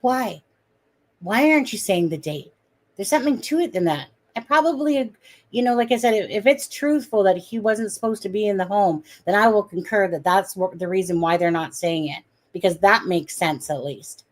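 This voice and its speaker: A woman's voice: mid-range voice, moderate pace. An outspoken woman talking on a live stream with an ordinary mid-range voice. She is indignant and blunt, and she swears freely as she argues her points. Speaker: guest commentator. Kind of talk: casual live-stream commentary.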